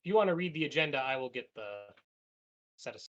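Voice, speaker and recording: The recording is muffled as a man with a slightly high, fairly bright voice talks fast with lively intonation. Co-hosting a podcast, he plays a cooperative card game, reads its story text out loud, and laughs a lot.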